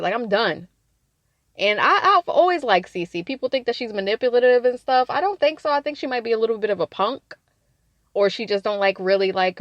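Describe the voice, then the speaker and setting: A woman hosting a casual podcast that recaps a reality show, blunt and profane, animated, laughing in bursts. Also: medium pitch, no room sound, lo-fi sound.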